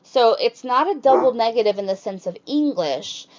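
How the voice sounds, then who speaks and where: A woman teaching a recorded Spanish grammar lesson, explaining step by step and lifting her pitch on the example questions. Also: expressive, normal speed, a little mellow, highs cut off.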